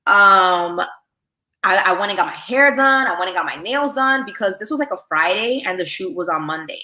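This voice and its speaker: A woman telling a personal story in a casual, animated way, full of "like" and "you know". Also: medium pitch, normal speed, roomy sound. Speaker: podcast guest.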